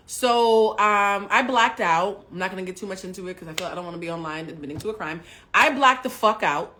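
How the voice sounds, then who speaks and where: A woman hosting a live stream, telling a personal story to her chat with lots of swearing. She drops to hushed asides, then bursts out loud. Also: medium pitch, fairly quick. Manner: profane, swings between hushed asides and loud outbursts; talks directly to live chat.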